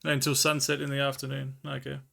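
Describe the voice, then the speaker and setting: An Australian man livestreaming, chatting casually with viewers and slowly reading old scripture aloud. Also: mid-range voice, monotone, vocal fry, fairly bright tone. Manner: laid-back, chatty, reads old scripture slowly and carefully.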